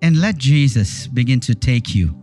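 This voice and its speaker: Pastor guy preaching, gets loud and high on his lists, repeats himself a lot, music playing behind. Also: lively intonation, normal speed. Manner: emphatic, rising to stress lists and appeals; repeats words and restarts phrases while preaching. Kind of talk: sermon.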